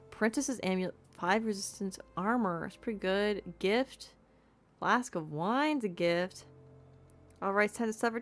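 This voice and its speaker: A woman's voice: on the low side, animated, unhurried. A woman streamer chatting playfully while she plays a game and talks to her cat. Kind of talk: casual gameplay commentary.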